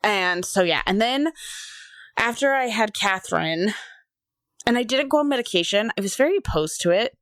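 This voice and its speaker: A woman's voice: medium pitch, lively intonation, moderate pace, fairly bright tone, no room sound, studio quality. A woman in her thirties co-hosting a podcast, candidly telling a personal story and acting out what people said to her. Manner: candid personal storytelling, acts out quoted voices. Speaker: podcast co-host. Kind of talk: casual chat.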